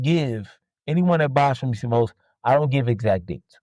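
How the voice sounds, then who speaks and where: A man telling rowdy stories about his customers in a casual, profane, animated rant, sometimes imitating them in a higher voice. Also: normal speed, no room sound, rough recording. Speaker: podcast host and jersey seller.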